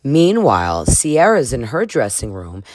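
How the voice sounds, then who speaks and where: A woman's voice: rumbling low, very animated, a little slow, darkish tone, no echo. Sassy, laugh-filled woman recapping TV. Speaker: recap vlogger. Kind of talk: casual reality-TV recap.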